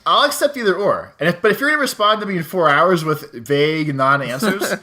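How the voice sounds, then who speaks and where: Casting note: young male podcast co-host, quick and lively delivery, bright voice, swears freely while venting. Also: high-pitched. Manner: ranting, swears a lot, mimics people in quotes. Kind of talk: casual podcast chat.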